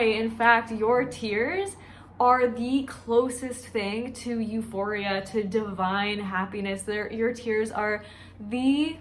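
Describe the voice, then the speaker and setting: A woman's voice: fairly high pitch, slight background noise. A woman who works as a dietitian, talking candidly and emotionally in a chatty personal vlog.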